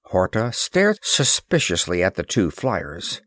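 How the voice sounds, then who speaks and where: A man narrates a story at an unhurried pace. His voice sits low and moves through a wide pitch range, recorded dry and close. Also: very animated, dry recording. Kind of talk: reading a pulp science-fiction story aloud.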